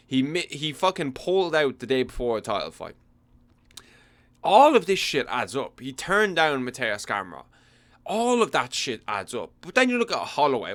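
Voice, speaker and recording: A young man gives casual commentary in a blunt, foul-mouthed way, his voice leaping up and down with lively swings. His pitch sits mid-range, and the dry recording has no room echo. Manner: profane, animated and blunt. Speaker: host.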